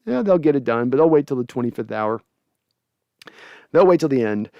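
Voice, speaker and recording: A man's voice: mid-range voice, expressive, a little fast, no room sound, highs cut off. A man hosting a sports podcast, casually chatting and reading viewer comments aloud. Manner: chatty, laughs often, reads comments aloud. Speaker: podcast host.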